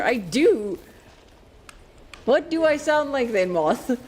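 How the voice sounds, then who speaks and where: A woman's voice: high voice, big pitch swings, slow, pauses often, darkish tone, slightly rough. A woman streaming a game, chatting away casually, playful, laughing often and swearing freely. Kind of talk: casual live-stream chat while playing.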